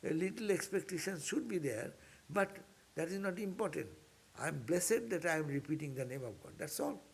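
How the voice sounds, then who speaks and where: A man's voice: fairly high pitch, expressive, brisk, vocal fry, slightly rough. A man, a monk, giving an informal scripture class in an earnest, exhorting way that repeats key points. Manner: earnest, repetitive, exhorting, with sudden upward bursts. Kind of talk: informal spiritual class lecture.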